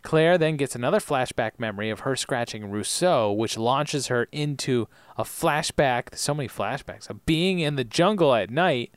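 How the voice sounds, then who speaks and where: A man with a smooth, resonant voice co-hosts a podcast and recaps a TV episode in a relaxed, chatty way. He retells scenes with animated energy. The sound is dry and close to the mic. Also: medium pitch, normal speed, hardly any pauses, no echo. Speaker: podcast co-host. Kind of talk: casual chat recapping TV episodes.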